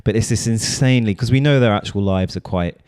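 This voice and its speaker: A man's voice: on the low side, fast talker, darkish tone, clear, resonant tone, no room sound, clean studio sound. A man co-hosting a podcast, talking through a film in a rambling, casual way full of fillers. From London. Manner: rambling, filler-heavy, with restarts. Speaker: podcast co-host.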